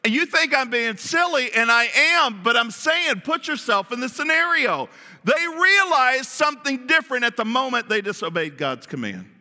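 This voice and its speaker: A man teaching from the Bible in sermon style, animated and playful, asking his audience questions. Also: very high voice, moderate pace. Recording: long hall reverb.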